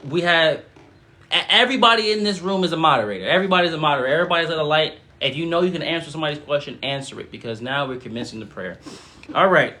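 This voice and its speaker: A man hosting a spiritual live stream, teaching casually and reading chat comments, animated, with sudden loud emphatic bursts and many fillers. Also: fairly high pitch, fast talker.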